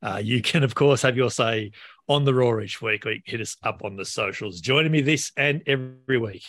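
A man's voice: mid-range voice, brisk, a bit bright, dry recording. An Australian man hosting a sports podcast, with a dry, wry humor and a few fillers. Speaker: podcast host.

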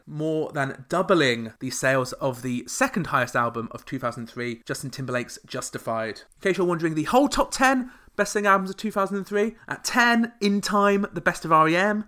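A man hosting a comedic podcast, full of sarcastic deadpan asides. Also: fairly high pitch. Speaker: podcast host.

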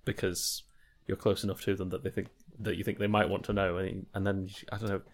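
Lower-voiced man, wry and halting. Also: level tone. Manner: wry, self-deprecating, halting. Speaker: podcast co-host. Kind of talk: casual chat.

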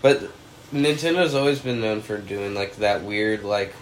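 A man's voice: on the low side, unhurried, slight background noise, rough recording. A man co-hosting a podcast in casual, joking chat, swearing and laughing often. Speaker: podcast co-host.

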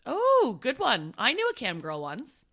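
A Canadian woman co-hosting a casual podcast, joking and frank, her voice raspy from being sick. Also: on the high side, huge pitch swings, a little slow, fairly bright tone. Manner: joking, frank, laughs often. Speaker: podcast co-host. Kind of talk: casual chat.

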